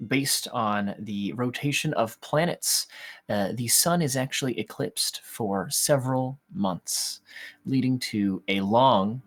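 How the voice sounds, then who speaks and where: A guest game master introducing a tabletop one-shot and setting the scene in a measured way. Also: mid-range voice.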